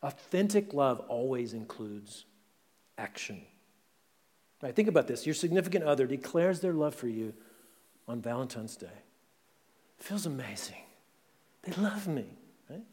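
A man's voice: medium pitch, very animated, measured pace, pauses often, a little mellow. Conversational male pastor in a reverberant hall. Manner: conversational, asks "right?" often. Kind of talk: sermon. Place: church sanctuary. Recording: long church hall reverb.

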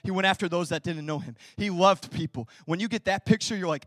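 A man preaching a sermon as pastor, swinging between hushed, intimate lines and loud, rousing ones, with chatty asides and rhetorical questions. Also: high-pitched, a little fast, no echo, studio quality.

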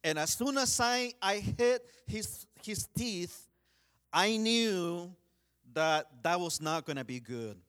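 A man preaching a sermon, telling a personal story in an earnest way, often restarting and saying "you know", swinging between urgent pleas and hushed quiet. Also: high voice, expressive, slow.

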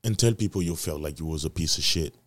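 A man with a very low voice hosts his own podcast, rambling in a loose, profane monologue. He preaches and repeats his points for emphasis, going loud on some phrases and quiet on others. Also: fast. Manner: repetitive emphatic delivery, swinging loud and soft. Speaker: podcast host. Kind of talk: casual solo podcast monologue.

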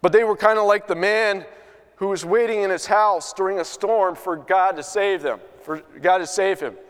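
A man's voice: high-pitched, normal speed, clear, resonant tone, in a large hall. A man preaching a sermon, telling a story in an earnest way with many restarts. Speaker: pastor.

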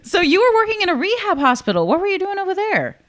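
A woman's voice: extremely high pitch, sing-song, fast, a bit bright. A woman interviewing a guest in a chatty, encouraging way. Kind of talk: casual interview chat.

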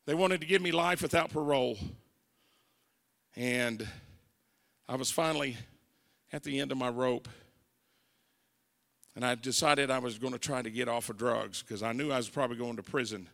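Gravelly Southern evangelist in a big hall. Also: male voice, mid-range voice, normal speed, pauses often, fairly bright tone. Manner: dramatic storytelling, acting out quoted voices. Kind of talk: testimony sermon. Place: church sanctuary. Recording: reverberant church hall.

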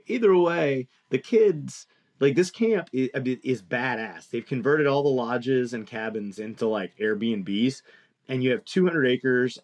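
A man telling a long story in casual chat, animated and profane, acting out the people he quotes. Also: mid-range voice. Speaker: podcast co-host telling a story.

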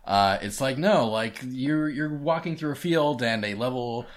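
A man's voice: mid-range voice, measured pace. A man co-hosting a podcast in casual chat, rambling and often restarting his sentences. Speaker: podcast co-host.

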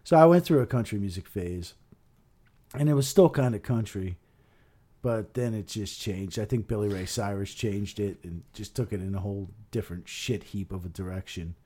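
A man's voice: lowish voice, normal speed, dark tone. A man co-hosting a podcast, chatting loosely with lots of fillers and swearing. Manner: loose, rambling, filler-heavy. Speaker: podcast co-host. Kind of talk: casual podcast chat.

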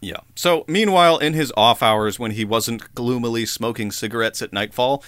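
A man's voice: mid-range voice, normal speed, fairly bright tone, clean tone, no room sound, studio quality. A man co-hosting a podcast, telling history in a casual, jokey way and swearing now and then. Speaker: podcast co-host.

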